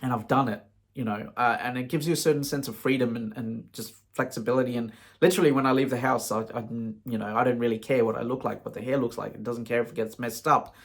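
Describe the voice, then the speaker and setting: A man's voice: medium pitch, steady tone, quick pace. A man speaking casually to camera, frank and rambling, with many "you know"s as he tells stories. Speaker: vlogger. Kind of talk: casual storytelling monologue.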